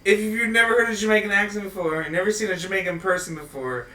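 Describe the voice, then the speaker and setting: A man from Los Angeles hosts a casual studio podcast in a high, sharp, very bright voice. He tells his stories animatedly and laughs as he goes. He sits back from the mic, and the studio sounds roomy around him. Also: fast talker, distant mic. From Los Angeles, USA. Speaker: podcast host.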